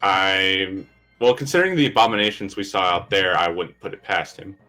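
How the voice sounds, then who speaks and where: A man's voice: deep voice, moderate pace, pushed and bright, soft background music. A man playing a tabletop game, making dry, quippy remarks in casual chat. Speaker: player.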